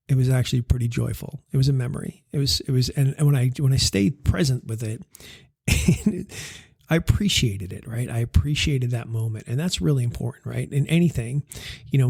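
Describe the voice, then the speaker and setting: A man's voice: mid-range voice, darkish tone, no room sound, clean studio sound. A man in his thirties, a life-coaching podcast host, telling a family story in a rambling way with lots of fillers and restarts. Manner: rambling with many fillers and restarts, laughing through funny parts. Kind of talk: casual storytelling monologue.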